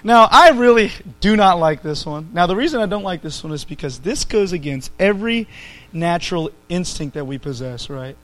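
A man's voice: high-pitched, animated, normal speed, fairly bright tone, low-quality recording. A man preaching a conversational sermon to his church, rising to emphatic peaks.

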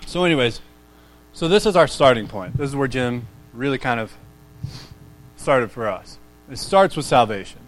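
Speaking at a medium pitch, a man in his thirties delivers a chatty, informal sermon to young people. He drifts off topic easily, pokes fun at himself, and keeps putting questions to the room.

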